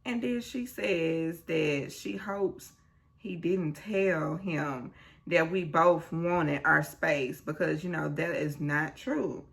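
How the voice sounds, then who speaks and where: Gravelly, unhurried woman recapping a show. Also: low voice. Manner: animated retelling, acts out quotes, blunt asides. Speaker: reality show recap host. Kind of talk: casual recap vlog.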